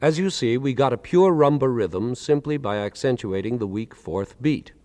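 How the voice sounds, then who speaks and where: A man lectures with a lively, rising-and-falling delivery, explaining ideas and counting beats out loud with emphatic accents. His mid-pitched voice rings with a long hall reverb. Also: moderate pace. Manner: articulate, counts beats aloud with strong accents. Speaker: lecturer presenting with a band. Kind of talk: explanatory lecture with spoken demonstrations.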